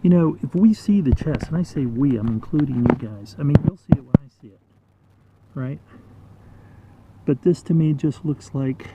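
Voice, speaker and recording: A treasure-hunting vlogger walks by a creek in a city park, his high-ish voice captured with dull audio and background noise. He rambles and jokes with his viewers.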